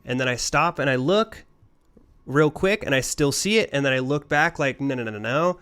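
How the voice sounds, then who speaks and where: A man's voice: on the high side, animated, normal speed, fairly bright tone, clear, resonant tone. A man co-hosting a casual podcast, telling a rambling ghost story full of swearing. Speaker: podcast co-host.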